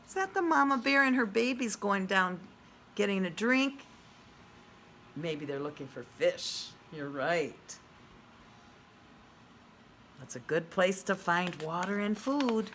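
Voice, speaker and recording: Female preschool teacher, online read-aloud: unhurried, very animated sing-song delivery, lots of questions to the kids. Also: mid-range voice, a little hiss or hum. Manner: slow, sing-song and exaggerated for small children; asks the children questions and praises answers. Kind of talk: virtual read-aloud lesson for young children.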